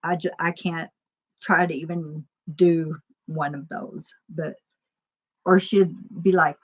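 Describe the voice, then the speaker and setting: A woman's voice: sits low, steady tone, takes it slowly, husky, muffled recording. A woman chatting casually as a stream host, rambling and laughing often. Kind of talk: casual chat.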